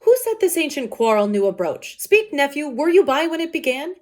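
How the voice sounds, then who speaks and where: A woman's voice: high voice, very animated, fairly quick, a little mellow, voice pushed up. A woman reading as a blustering noble father. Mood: angry. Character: angry noble father of a feuding house.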